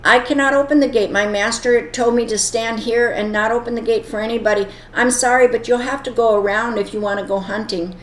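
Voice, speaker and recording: A woman voicing a polite young servant boy who answers softly and firmly, in an echoey room. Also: on the high side, fairly even intonation, brisk, hardly any pauses, slight background noise, natural voice. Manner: soft, quiet and polite.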